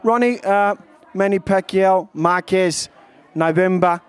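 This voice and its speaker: A man hosting a boxing show, asking questions in an energetic, loud way. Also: sits high, takes it slowly, clear, resonant tone. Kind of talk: interview.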